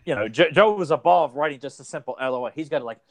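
A man's voice: fairly high pitch, expressive, fast. A man co-hosting a podcast, chatting casually, teasing and rambling. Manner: teasing, mocking voices, rambling. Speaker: podcast co-host. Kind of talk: casual chat.

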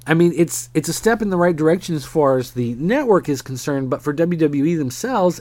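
A man's voice: medium pitch, a little mellow, dry recording. A man commenting on wrestling business news in a casual, rambling monologue with many fillers.

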